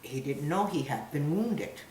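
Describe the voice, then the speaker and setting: Middle-aged mother, low voice, hesitant emotional testimony, roomy echo. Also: expressive, darkish tone. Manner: halting, searching for words, emotional. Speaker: mother of a wounded soldier. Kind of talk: personal testimony interview.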